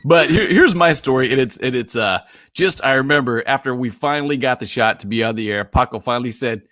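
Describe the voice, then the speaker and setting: A man co-hosting a podcast in casual chat, quick to laugh. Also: mid-range voice, fairly bright tone, no room sound, studio quality. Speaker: podcast co-host, former radio DJ.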